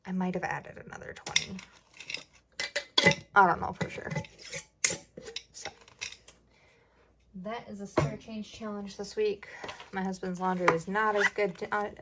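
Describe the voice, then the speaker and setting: A young woman chatting casually while budgeting for her vlog, often dropping into a soft whisper. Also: mid-range voice, normal speed, creaky, pauses often, very noisy. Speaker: budgeting vlogger. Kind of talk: casual cash-stuffing vlog narration.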